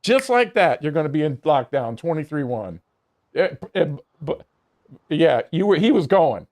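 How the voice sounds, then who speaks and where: A man's voice: a little high, sing-song, measured pace, darkish tone. A man streaming a video game while telling a heated, profane story, often laughing.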